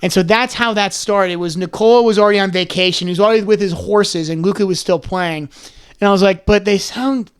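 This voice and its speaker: A young man in his twenties telling stories as a podcast guest. He is animated and rambling, and keeps slipping into character voices. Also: high voice, quick pace, smooth. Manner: rambling, with many restarts and "like"s. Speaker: guest, comedy content creator. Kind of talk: casual podcast chat.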